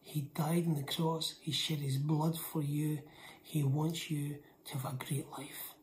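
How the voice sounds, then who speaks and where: A woman preaching a sermon with emphasis. She repeats lines for weight and often drops into a hushed whisper. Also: deep voice, flat delivery, unhurried, a little hiss or hum.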